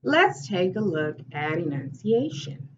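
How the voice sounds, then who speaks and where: A woman theatre teacher giving a lesson in a slow, deliberate, instructive way. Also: fairly low pitch, very animated. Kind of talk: recorded classroom lesson. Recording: dull, distant recording with faint hiss.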